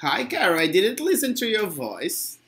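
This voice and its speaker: An English teacher with a Brazilian Portuguese accent and native Portuguese, giving an online lesson, encouraging and quick to laugh. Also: medium pitch, huge pitch swings, fairly bright tone, a little hiss or hum. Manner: encouraging, laughs often, slow explanations.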